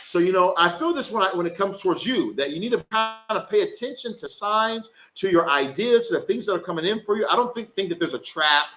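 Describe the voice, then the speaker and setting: A man's voice: high voice, expressive, fairly quick, few pauses, a bit bright. A young man giving tarot readings on a live phone stream, rambling and profane, with plenty of fillers. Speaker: tarot reader and spellcaster.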